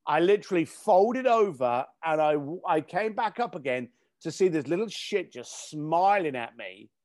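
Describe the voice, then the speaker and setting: A man telling a story on a podcast. His voice is high and swings widely in pitch, and he swears casually. He is recorded close and dry. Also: expressive, normal speed, darkish tone, dry recording. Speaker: podcast guest. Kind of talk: animated storytelling.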